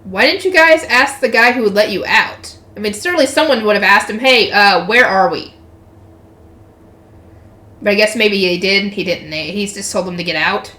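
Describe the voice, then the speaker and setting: A woman's voice: medium pitch, brisk, few pauses, sharp tone. A woman reading a light novel aloud for her channel, breaking off into chatty, swearing asides. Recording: roomy echo.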